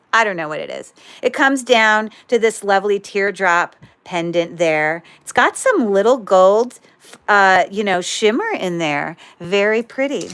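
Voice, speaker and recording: A woman's voice: mid-range voice, a bit bright, clean tone. A woman hosting a livestream jewelry sale, chatting casually with viewers in a rambling way, breaking off mid-sentence and dropping corny puns.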